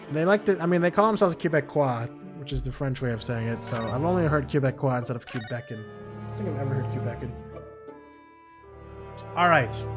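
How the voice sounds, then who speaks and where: A man streaming a game, chatting casually with a self-mocking tone and frequent swearing. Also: fairly high pitch. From Canada. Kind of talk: gameplay commentary.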